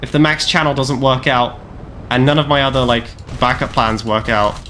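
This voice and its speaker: A man in his twenties talks through a live game stream in a loose, rambling way. He jokes at his own expense and fills his sentences with casual fillers. His voice sits at an ordinary middle pitch, with faint noise in the background. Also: moderate pace, bright, forceful tone. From Canada. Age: 20s. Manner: rambling, self-deprecating, jokey, lots of "like" fillers.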